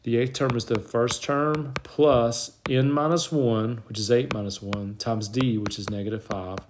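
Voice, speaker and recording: A man's voice: mid-range voice, fairly even intonation, unhurried, a little hiss or hum. A man teaching a math lesson over a whiteboard, explaining step by step, audibly out of breath. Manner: plain step-by-step explaining, talks himself through the work. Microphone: tablet mic.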